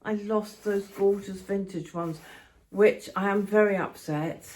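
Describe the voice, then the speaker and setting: A woman's voice: medium pitch, steady tone, unhurried, a little mellow. An older woman from England chatting casually to her phone camera, rambling and affectionate, walking about outdoors and at home. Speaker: vlogger.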